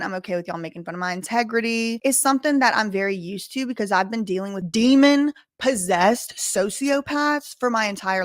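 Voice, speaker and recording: A woman hosting commentary, talking indignantly and repeating her points with deliberate stresses. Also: mid-range voice, a bit bright, dry recording, clean studio sound. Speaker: commentary channel host. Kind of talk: emphatic to-camera commentary.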